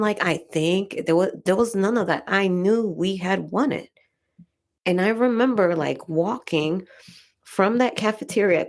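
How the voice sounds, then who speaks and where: A woman with a Dominican accent, hosting a podcast and telling a personal story in a chatty way, full of "like" and "right?". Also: lowish voice. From Dominican Republic. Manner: chatty, frequent "like" and "right?" tags. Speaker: podcast host.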